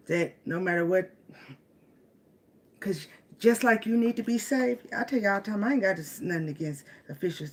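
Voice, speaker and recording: A woman with giving a casual tarot reading. She speaks with emotion, laughs often and repeats phrases. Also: on the low side. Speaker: tarot reader.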